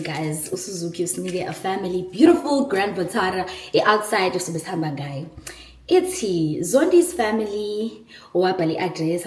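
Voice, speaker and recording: An excitable young South African woman talks casually to her viewers, emotional and quick to laugh. She sits some way from the microphone, and the room around her rings with echo. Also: fairly low pitch. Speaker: vlogger. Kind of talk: casual vlog, switching between English and isiZulu. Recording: echoey room, far from the mic.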